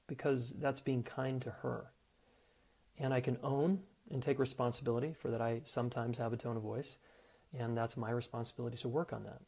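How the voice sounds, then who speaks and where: A man's voice: medium pitch, fairly even intonation, brisk, gravelly, a little mellow, slightly rough. A middle-aged man hosting a relationship advice podcast, talking frankly and casually and acting out what partners might say to each other. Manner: frank and conversational, acts out quoted partners. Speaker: podcast host and relationship coach.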